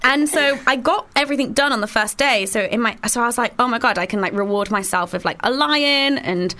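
A woman's voice: fairly high pitch, fairly quick, sharp tone. A woman hosting a radio show, chatting casually and giggling, with lots of fillers. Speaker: radio host. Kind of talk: casual chat. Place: radio studio.

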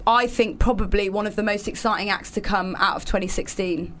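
A woman's voice: medium pitch, fairly quick, a bit bright. A woman presenting a radio show in casual, enthusiastic chat with her co-host. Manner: chatty, enthusiastic, laughs easily.

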